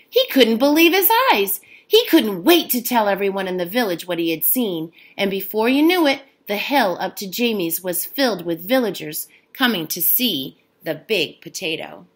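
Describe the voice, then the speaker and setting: A woman reading a storybook aloud as a teacher, giving the characters their own voices. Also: medium pitch.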